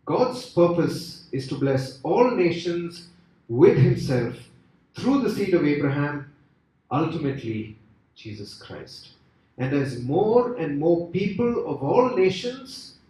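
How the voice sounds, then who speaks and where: A man preaching a sermon with an expressive, rising and falling delivery and many rhetorical questions. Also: fairly high pitch. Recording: echoey hall from far off.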